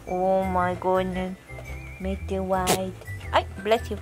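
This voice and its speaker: A woman's voice: medium pitch, flat delivery, slow, music in the background, rough recording. A woman homesteader, middle-aged, in a goat pen, talking to her baby goats in cooing, affectionate baby talk. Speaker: homesteader vlogger.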